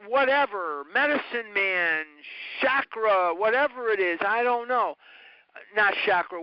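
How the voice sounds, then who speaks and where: Man, high voice, teaching a recovery group, emphatic, dry dull phone-call sound. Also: no echo. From north side of Chicago. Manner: earnest, repetitive, emphatic teaching. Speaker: recovery study leader. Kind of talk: talk to a recovery study group.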